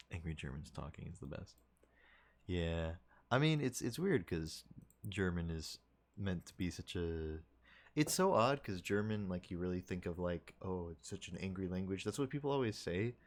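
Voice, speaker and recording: A man's voice: low voice, sing-song, moderate pace. A man streaming and chatting casually with his viewers, rambling and thinking aloud with lots of fillers and restarts. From United States.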